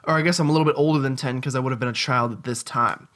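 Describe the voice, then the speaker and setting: A man's voice: medium pitch, steady tone, rapid-fire, fairly bright tone. A man hosting a let's play, chatting casually, joking and thinking aloud as he plays. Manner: chatty, jokey, thinks aloud and reacts to the game. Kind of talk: casual gameplay commentary. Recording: faint background game music.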